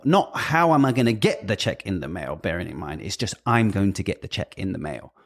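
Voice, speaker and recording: A man's voice: on the low side, a little fast, hardly any pauses. A British man in casual chat, telling stories animatedly and swearing often. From Britain. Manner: animated storytelling, profane. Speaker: guest, music industry worker.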